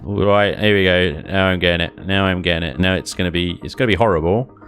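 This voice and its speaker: A man's voice: low voice, quick pace, fairly bright tone, faint music behind. A man streaming a space game, thinking aloud, chuckling often and chatting with his viewers. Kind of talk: casual live-stream chat while building in a game.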